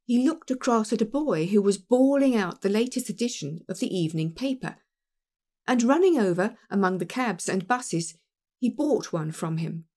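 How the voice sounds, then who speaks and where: A woman narrating an audiobook of a classic detective story in a measured, expressive reading. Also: medium pitch.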